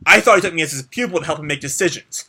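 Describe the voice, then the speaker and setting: A man's voice: a little high, rapid-fire, pushed and bright, husky, full character voice. A man reading as a frustrated young male student. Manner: plain read-aloud of the dialogue.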